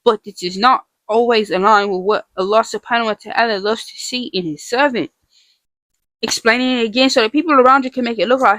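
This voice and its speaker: A woman's voice: a little high, brisk, fairly bright tone, no echo. A woman giving a casual faith talk to her viewers, earnest and emphatic, repeating her phrases and putting rhetorical questions to the listener. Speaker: vlogger teaching about the names of God.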